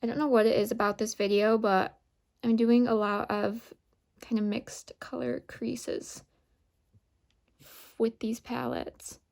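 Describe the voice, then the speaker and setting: A woman beauty vlogger narrating a makeup tutorial, calmly explaining each step. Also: a little high, slow pace, creaky.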